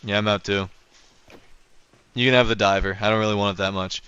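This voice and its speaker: Smooth-voiced young man streaming a game. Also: fairly low pitch, steady tone, a little fast, pushed and bright, dull audio. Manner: rambling, self-correcting, chatty with viewers. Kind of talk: casual livestream commentary.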